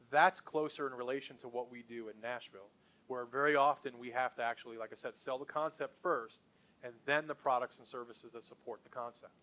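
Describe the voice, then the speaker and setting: A man's voice: medium pitch, bright, forceful tone. A middle-aged man leading a sales training session for a group, talking in an enthusiastic, punchy, conversational way.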